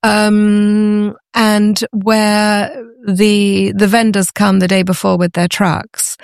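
A middle-aged woman being interviewed, chatty and enthusiastic, often pausing with ums as she explains. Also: mid-range voice, flat delivery, creaky, clean tone, no room sound, clean studio sound. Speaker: guest, antiques author. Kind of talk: conversational interview.

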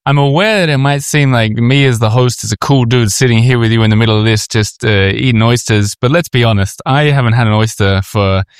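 A man's voice: mid-range voice, a little fast, hardly any pauses, smooth, dry recording, clean studio sound. A man hosting a casual interview at an outdoor eating area on a market street, playful and self-mocking, with hesitant fillers. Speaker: podcast host.

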